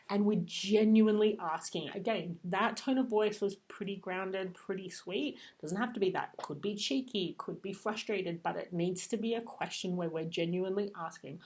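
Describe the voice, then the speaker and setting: A woman's voice: mid-range voice, normal speed, few pauses, a little mellow. A woman giving parenting advice to camera, explaining points, often ending with "right?" and acting out example phrases between parent and child. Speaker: parenting educator. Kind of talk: talking-head parenting advice.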